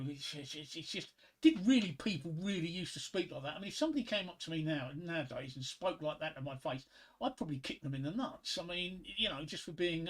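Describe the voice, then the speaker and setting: Rambling, halting man. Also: a little high, a bit bright. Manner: rambling, halting with many fillers and restarts. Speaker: livestream host. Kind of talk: casual joke telling and poetry reading.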